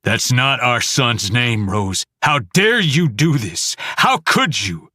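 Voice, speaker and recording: A man reading an audiobook, voicing a drunk, enraged husband who yells accusations while choking up. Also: on the low side, lively intonation, unhurried, dry recording, studio quality, exaggerated voice. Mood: furious accusing. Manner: yelling, accusing, choked up.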